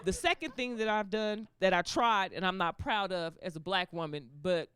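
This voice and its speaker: Her stand-up set at a comedy club features animated storytelling where she acts out the people involved, while the audience laughs. The live stage mic catches her medium-pitched voice, smooth and moderately paced, with no room sound.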